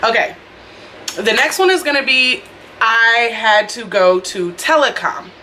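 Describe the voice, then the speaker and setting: A young woman with a bright, clear voice tells a casual storytime vlog. She talks in a chatty, expressive way and speaks straight to her viewers. She records it on her phone indoors, with faint noise behind her. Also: a little high, unhurried. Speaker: vlogger. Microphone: phone camera.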